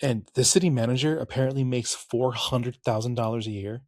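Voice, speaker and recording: A middle-aged podcast host talks casually and candidly, cursing, restarting sentences and correcting himself as he rambles into history narration. His medium-pitched voice is fairly quick and darkish, recorded dry at studio quality.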